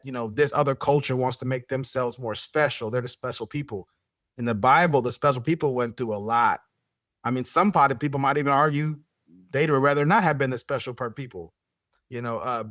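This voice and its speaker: Podcast host guy, mid voice, talks fast, keeps restarting, little chuckles, dry mic. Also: medium pitch, a bit bright, no echo. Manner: rapid, full of restarts, chuckling. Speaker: show host. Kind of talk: casual podcast debate.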